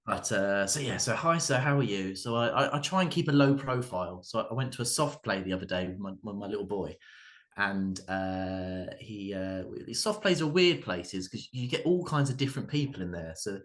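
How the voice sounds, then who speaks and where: A man in his thirties doing a stand-up set, halting and full of ums and restarts. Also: lowish voice. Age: 30s. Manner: hesitant, many ums and restarts. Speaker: stand-up comedian. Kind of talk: stand-up routine at an open mic.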